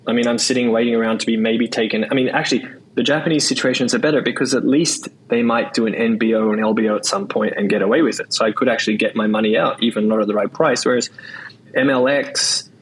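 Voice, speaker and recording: Australian man, casual podcast guest, average pitch, rambling with repeated words. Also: fairly even intonation, a little hiss or hum, low-quality recording. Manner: quick, loose talk full of "like" and "right?". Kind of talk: casual interview chat.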